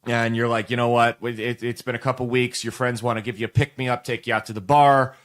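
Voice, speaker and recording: Talking a little fast in a mid-range, slightly bright voice with little pitch movement, a man in his late twenties hosts a show. He delivers a comedic monologue to viewers, a crude and rambling story full of restarts.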